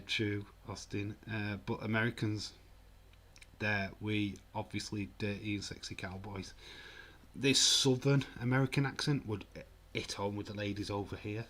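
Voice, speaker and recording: With a fairly low, slightly bright voice, this Yorkshire-accented Englishman in his forties speaks at a measured pace and fairly even intonation. Hosting his casual livestream, he cracks jokes, laughs a lot, reads viewer comments aloud, and lets the odd mild swear slip.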